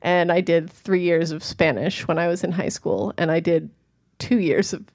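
A woman's voice: fairly low pitch, steady tone, moderate pace, a little mellow. Jokey woman co-hosting a podcast. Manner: jokey, laughs often. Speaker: podcast co-host. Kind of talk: casual chat.

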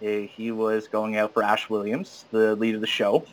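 A man's voice: moderate pace, rough recording. A man casually telling a story, acting out the quoted lines and often stammering and restarting. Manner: animated, acts out quoted dialogue with sudden high jumps. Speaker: guest recounting an audition.

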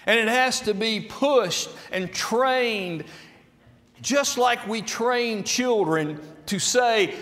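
A man preaching a sermon in slow, deliberate phrases that swing from soft, low passages to loud, emphatic peaks. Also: big-room sound.

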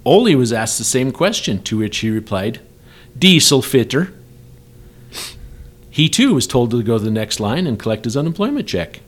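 A man's voice: mid-range voice, sing-song, a little fast, few pauses. A man co-hosting a casual workplace podcast, telling a long joke story and laughing often. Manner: laughs a lot while telling jokes. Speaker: podcast co-host.

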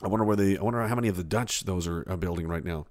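A man's voice: low voice, racing, darkish tone. A man, streaming and reading chat aloud in casual, sarcastic, profane rambling. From Canada.

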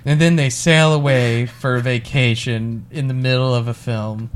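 A man co-hosting a casual movie review chat, laughing often, swearing and acting out scenes in quick voices. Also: mid-range voice, fairly even intonation, slight background noise. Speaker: podcast co-host.

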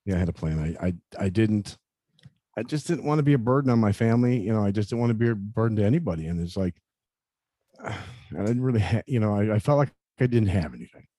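A man in his fifties telling a personal story in an interview, earnest and halting, often repeating words and saying "you know". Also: lowish voice, animated, warm tone, no room sound, studio quality. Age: 50s. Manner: earnest, confessional. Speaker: interview guest.

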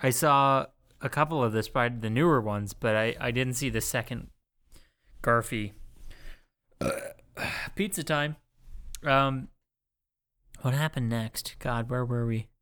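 A man co-hosting a laid-back podcast in a smooth, clear voice at an everyday pitch. He laughs often and teases his co-host into trying bits. He talks in a casual, rambling way, full of fillers. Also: fairly even intonation, measured pace, fairly bright tone. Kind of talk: casual chat.

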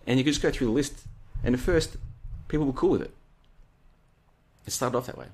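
A man's voice: mid-range voice, a little fast, darkish tone, husky. A man hosting a solo late-night talk show, chatting in a rambling, digressive way and reading out listener comments. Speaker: podcast host.

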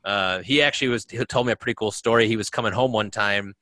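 A low-voiced man with a bright, forward tone recounts his deployments in easy, rambling conversation, padding his stories with fillers. The sound is dry and close. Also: fast talker, dry recording. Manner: storytelling with many fillers. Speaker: veteran guest. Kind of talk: casual conversation.

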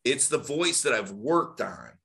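Animated, emphatic man talking. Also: unhurried, gravelly. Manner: energetic, emphatic delivery with big swings in pitch; animated public-speaking tonality. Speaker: dating coach. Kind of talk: casual podcast conversation.

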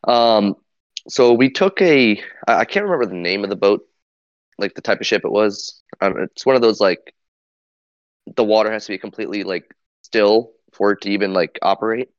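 Low-voiced man on a dull mic. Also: expressive, moderate pace, dry recording. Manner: hesitant, many fillers, laughs while talking. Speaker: podcast co-host. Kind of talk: casual storytelling.

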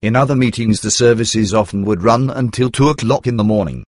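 A man reading a religious testimony aloud in a steady, earnest way. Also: on the low side, fairly quick, no echo. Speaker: reader. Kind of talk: scripted narration of a religious testimony.

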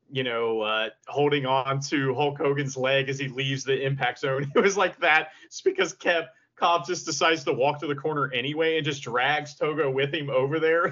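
A man with a somewhat higher voice co-hosts a podcast, recapping in a rambling way full of fillers. He sounds enthusiastic. The audio is slightly dull and lo-fi. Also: pushed and bright. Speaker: podcast co-host. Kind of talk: casual wrestling recap.

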